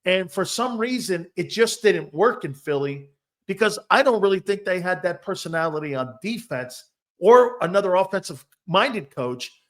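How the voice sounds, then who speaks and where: A male sports show host with a somewhat high voice, chatting casually. He winds through long, rambling questions and brings retold stories to life. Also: animated, normal speed. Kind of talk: casual interview chat.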